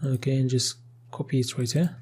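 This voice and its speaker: A man with a mellow, slightly husky voice walks through a programming tutorial while he types. He thinks aloud, says "okay" often and restarts his sentences casually. Keyboard typing is heard behind him. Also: mid-range voice, steady tone, fairly quick. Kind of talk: screen-recorded coding tutorial.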